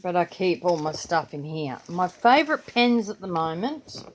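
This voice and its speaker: A woman's voice: fairly low pitch, very animated, moderate pace, slight background noise. An older Australian woman with a grandchild, chatting casually and rambling through her planner and pens in a vlog. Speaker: vlogger. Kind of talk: casual chat.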